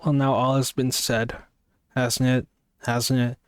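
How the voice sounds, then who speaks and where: Man reading as a tearful young woman, pleading, halting, low flat voice, dry sound. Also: smooth, natural voice. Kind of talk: amateur book reading.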